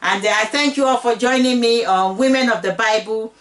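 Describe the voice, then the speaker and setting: A woman's voice: on the high side, brisk, far from the mic. Woman host teaching scripture, earnest and personal, slightly raised voice, a little off-mic. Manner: earnest, personal, repeats phrases. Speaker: Bible teacher, channel host. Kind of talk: casual Bible teaching monologue.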